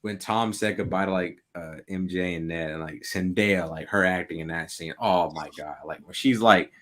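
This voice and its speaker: Excitable young man, low voice. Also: moderate pace. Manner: excitable, heavy use of "like", laughs often. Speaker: podcast co-host. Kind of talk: casual chat.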